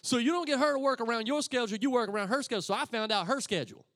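A middle-aged man, a pastor preaching a sermon as a lively story and acting out the voices of the people in it. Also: extremely high pitch, rapid-fire, no echo, studio quality. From Texas. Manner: animated, acts out voices of friends and himself.

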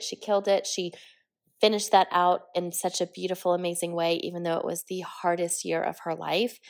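A woman in her forties hosting her own podcast, talking candidly and a little rambling, stuffy from a head cold. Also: on the low side. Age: 40s. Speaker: podcast host. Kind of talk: solo podcast monologue.

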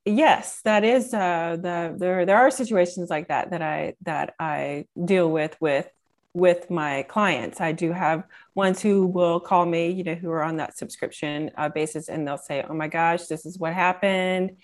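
A woman coach answering interview questions about her work in a measured, reflective way, with frequent restarts. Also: fairly low pitch. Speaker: career coach guest.

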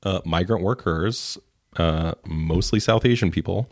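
A man's voice: low-pitched, a little slow, no room sound, clean studio sound. A man co-hosting a casual chat, snarky and ranting, swearing freely. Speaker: podcast co-host.

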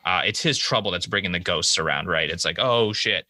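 Male co-host, casual recap chatter, low-set voice with a bright, forceful edge, dry close sound. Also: no echo. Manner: loose, profane storytelling with quick quoted asides. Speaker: podcast co-host recapping a TV episode. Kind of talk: casual chat.

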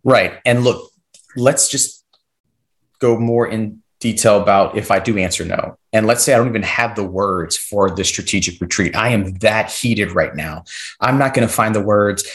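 A man with a low-ish, fairly bright voice speaks at normal speed as a podcast guest who specializes in classroom behavior. He coaches listeners through classroom strategies, often checking in with a "right?".

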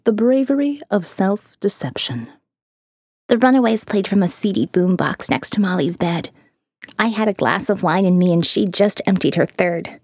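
A woman narrating a first-person audiobook in a measured, even storytelling voice. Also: mid-range voice, no echo, clean studio sound.

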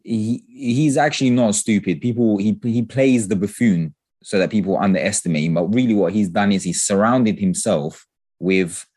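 A man in casual political chat, talking with passion, swearing and ranting in an animated way. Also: on the low side, moderate pace, husky, no room sound, clean studio sound. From England.

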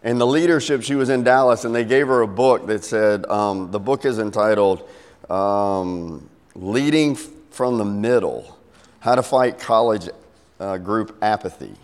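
Middle-aged pastor preaching in a reverberant hall. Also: male voice, unhurried, clean tone. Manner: storytelling, acts out voices with big pitch swings. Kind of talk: sermon.

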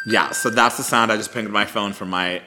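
A man, co-hosting a podcast and telling a story in an animated, chatty way, calling listeners y'all and girl. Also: fairly low pitch, background noise. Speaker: podcast co-host. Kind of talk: casual storytelling chat.

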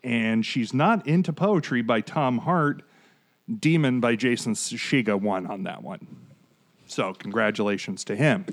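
A man's voice: mid-range voice, measured pace. A man in his forties hosting a podcast, chatting casually and digressing as he reads out award winners. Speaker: podcast host.

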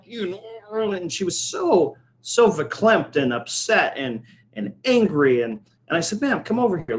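A man's voice: fairly high pitch, fairly bright tone, poor audio. Middle-aged man telling a long story. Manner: rambling anecdotal storyteller, many restarts and fillers. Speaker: coffee shop owner and podcast host. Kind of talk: casual storytelling chat.

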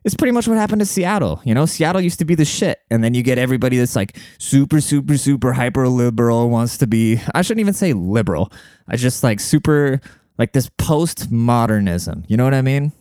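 A young adult man hosts a casual solo podcast from a home room with a cat, talking crudely, sarcastically and in a rambling way. His medium-pitched voice is lively, a little fast and darkish, captured in clean studio sound without echo.

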